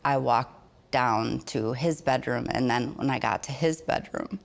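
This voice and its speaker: Low, gravelly-voiced middle-aged woman. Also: unhurried. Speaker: mother of the deceased. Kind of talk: documentary interview.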